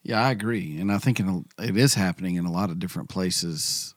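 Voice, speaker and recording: A man's voice: low voice, fast, dry recording, clean studio sound. A man making a careful point in a casual podcast conversation. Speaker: podcast guest.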